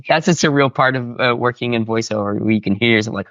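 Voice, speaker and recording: A man, a voice actor guest, chatting casually and enthusiastically in an interview, with animated, expressive delivery. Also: medium pitch, quick pace, dry recording, dull audio.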